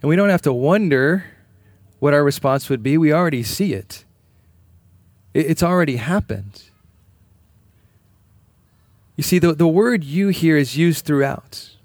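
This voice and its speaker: A man's voice: on the high side, lively intonation, moderate pace, a little mellow, no room sound. A man preaching a sermon in an earnest, emphatic way, repeating key phrases. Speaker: pastor.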